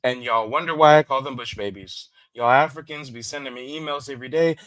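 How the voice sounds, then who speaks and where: Male host, mid-pitched, blunt and mocking commentary, dry recording. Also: fairly quick, hardly any pauses, fairly bright tone, dry recording, rough recording. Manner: sarcastic, blunt.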